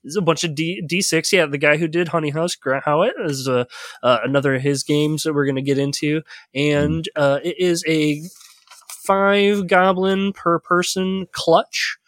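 A man's voice: on the high side, fairly even intonation, moderate pace, fairly bright tone, no room sound. A man acting as game master on a voice call, explaining the game setup in a rambling way with lots of fillers.

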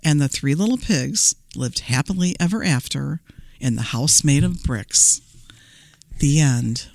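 Animated woman reading a storybook. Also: sits low, a little slow, creaky, dry recording, studio quality. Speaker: children's librarian, storyteller. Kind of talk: storytime read-aloud.

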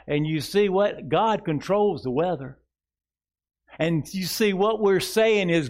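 A man preaching a sermon to a congregation, earnest, asking rhetorical questions and dropping soft for tender asides. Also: high-pitched, lively intonation, slow. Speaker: pastor. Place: church sanctuary before a congregation.

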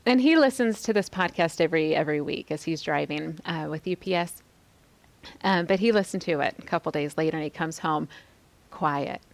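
A woman in her forties, a podcast host, reflectively sharing a personal faith testimony with a women's group, often pausing and dropping to a hushed near-whisper. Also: sits low. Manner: reflective, soft-spoken, pauses often.

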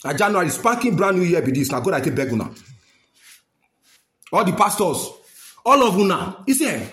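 A man's voice: sits high, very animated, a little fast, fairly bright tone, echoey room. A man with a Nigerian accent giving a fiery, scolding rant to camera, slipping into Pidgin. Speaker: social commentator.

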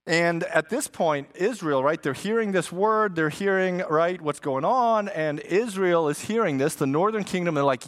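A man preaching a sermon as a pastor, teaching in an animated style with asides and jokes. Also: sits high, moderate pace, few pauses.

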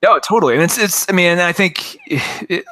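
A man's voice: sits high, expressive, brisk, bright, forceful tone. A man in his forties chatting enthusiastically about cartoons, rambling with lots of fillers. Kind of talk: casual chat about cartoons.

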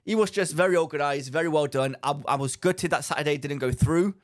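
A man co-hosting a casual podcast rambles through a story in a fairly high, brisk voice, acting out what people said and laughing often.

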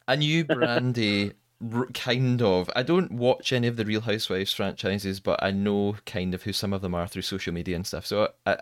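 A man's voice: lowish voice, no room sound, studio quality. A man hosting a podcast, chatting casually, asking his guest questions and laughing easily. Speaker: podcast host. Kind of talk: casual chat.

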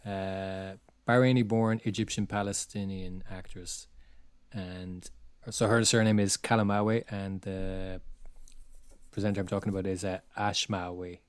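Young man, lowish voice, laid-back, dry close sound. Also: level tone, a little slow, smooth, no room sound. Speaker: podcast co-host. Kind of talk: casual chat.

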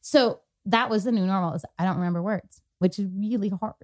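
A woman's voice: mid-range voice, fairly quick. A young adult woman co-hosting a podcast, telling a personal story in casual chat, quoting others with lots of fillers. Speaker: podcast co-host.

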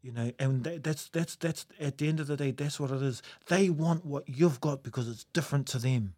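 A man's voice: medium pitch, a little fast, warm tone. A New Zealand man telling stories in a casual chat, reflective, laughing often and using Maori words.

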